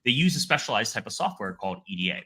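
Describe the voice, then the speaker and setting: A man talks as a guest analyst in a relaxed interview. His voice sits low, yet its tone comes across bright and forward. He rambles, circling back with restarts and fillers as he thinks aloud. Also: rapid-fire, husky. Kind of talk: casual interview talk.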